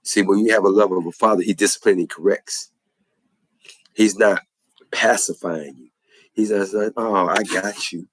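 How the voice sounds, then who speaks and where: A man's voice: fairly low pitch, fairly even intonation, normal speed, pauses often, dry recording, low-quality recording. A man giving an impassioned religious testimony in a preacherly way, repeating phrases for emphasis.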